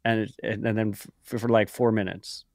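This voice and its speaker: A man's voice: on the low side, little pitch movement, brisk, a little mellow, no room sound. Male podcast co-host, profane rambler, dry close sound. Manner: profane, rambling, filler-heavy. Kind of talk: casual chat.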